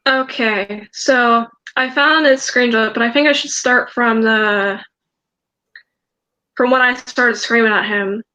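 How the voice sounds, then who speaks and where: A woman's voice: on the high side, steady tone, slow pace, bright, forceful tone, poor audio. A young woman hosting a casual livestream chat, hesitant and repeating herself while she hunts for screenshots. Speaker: livestream host.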